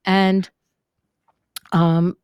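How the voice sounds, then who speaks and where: A middle-aged woman, a vocal coach, telling stories in an interview, animated and acting out what others said. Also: lowish voice, extremely slow, no echo, studio quality. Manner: animated, acts out quotes, demonstrates vocal fry. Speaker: speaking and vocal coach, guest. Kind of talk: conversational interview storytelling. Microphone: close microphone.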